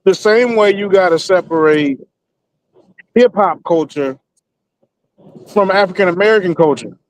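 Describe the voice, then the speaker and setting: A man's voice: high voice, a little slow, no echo, rough recording. A man speaking on an online panel debate, hiccuping and repeatedly excusing himself as he makes his point. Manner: keeps saying excuse me through hiccups.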